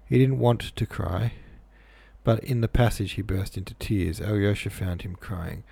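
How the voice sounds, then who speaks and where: A man reads a novel aloud in a low voice with a gravelly edge and a dark, mellow tone. His reading is plain, and his asides are offhand and casual, filled with "like". The sound is close and dry. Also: unhurried, no echo. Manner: offhand, says "like" a lot. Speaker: reader.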